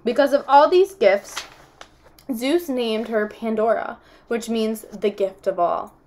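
A woman's voice: fairly high pitch, slow pace, darkish tone. Insistent, earnest young girl, read by a woman narrator. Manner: earnest and indignant.

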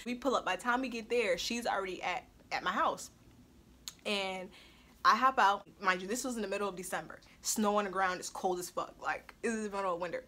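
Young woman, bright voice, casual storytime vlog, blunt, swears a lot, laughs often. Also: mid-range voice, brisk. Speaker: storytime vlogger.

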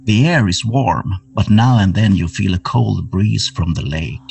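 Slow gravelly-voiced horror game master. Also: male voice, fairly low pitch, a little mellow. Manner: slow, atmospheric scene-setting. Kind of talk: narrating a horror tabletop game. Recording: somewhat distant mic with music underneath.

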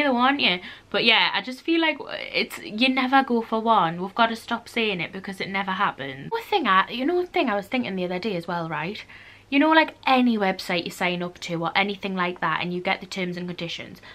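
A young woman in her twenties with a Geordie accent, chatting casually to camera in an animated vlog, swearing freely and acting out little quoted exchanges. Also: medium pitch. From North East England. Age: 20s. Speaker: YouTuber. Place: indoors at home. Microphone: camera mic.

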